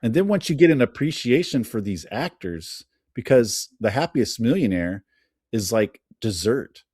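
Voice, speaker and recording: A man's voice: medium pitch, big pitch swings, normal speed, a little mellow, slightly rough, no echo, studio quality. A man chatting as a podcast guest, telling film trivia with enthusiasm. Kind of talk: casual chat.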